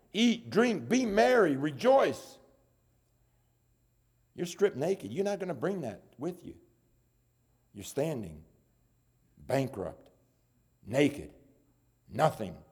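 A man preaching a sermon, dropping to low murmurs and then rising into loud appeals. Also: breathy edge.

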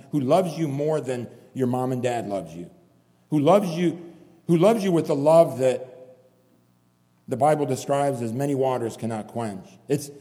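A man's voice: mid-range voice, warm tone. Impassioned male preacher in a reverberant hall. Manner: impassioned, pleading, repeats phrases. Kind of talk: sermon. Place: church hall.

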